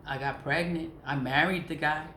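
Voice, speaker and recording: A woman in her forties, a nonprofit founder, talking candidly and rambling in a casual vlog, swearing freely, her voice going hoarse. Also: low-pitched, fairly even intonation, normal speed, a bit bright, slight background noise. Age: 40s. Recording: roomy echo, faint ambience.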